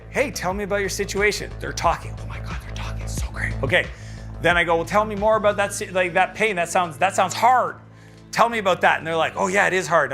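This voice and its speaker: A man's voice: high-pitched, gravelly, pushed and bright. A man giving a motivational business talk on selling, acting out little scenes with quoted voices. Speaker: sales and business speaker.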